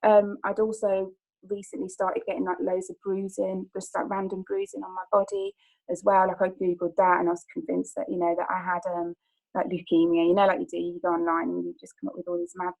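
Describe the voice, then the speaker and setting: Woman with a gravelly voice. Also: mid-range voice, level tone, a little fast, a little mellow, rough recording. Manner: rambling, many "like"s and restarts. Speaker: personal trainer. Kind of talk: personal testimony on a group call.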